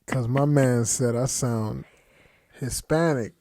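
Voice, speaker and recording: A man with a New Jersey accent co-hosting a podcast in relaxed, slangy chat. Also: medium pitch, slow pace, slight background noise. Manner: laid-back, slangy and chatty. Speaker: podcast co-host. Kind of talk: casual chat.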